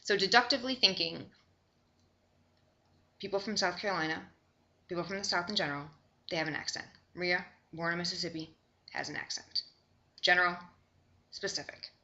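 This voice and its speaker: A woman's voice: fairly low pitch, brisk, pauses often, pushed and bright, highs cut off. A young woman from Chicago giving a recorded online lecture, conversational and often checking in with "okay?". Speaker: course instructor.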